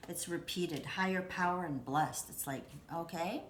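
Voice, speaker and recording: A woman's voice: lowish voice, unhurried, reverberant, noisy background. A woman giving a casual tarot reading from home, chatty and reassuring, rambling with lots of fillers and restarts. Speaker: tarot reader.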